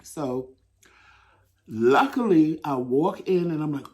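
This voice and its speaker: A man hosting a talk show, telling a story in a casual, animated way and swearing freely. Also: medium pitch, unhurried. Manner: animated, swearing, laughing at himself. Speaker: host.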